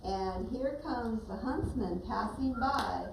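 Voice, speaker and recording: A woman's voice: a little high, slow pace, gravelly. A woman teacher narrating a story for her pupils to act out and giving them directions as she goes. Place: classroom. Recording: distant, echoey classroom with background noise.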